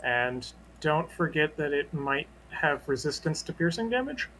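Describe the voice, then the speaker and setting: A man playing a tabletop game, tossing out quick remarks on rules and damage. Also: on the high side, big pitch swings, fairly bright tone, rough recording. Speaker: player.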